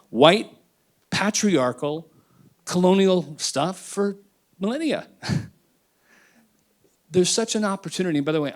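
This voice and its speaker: A man speaking on a panel, emphatic and emotional, swinging between loud declarations and quiet asides. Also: on the high side. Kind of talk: impassioned panel talk.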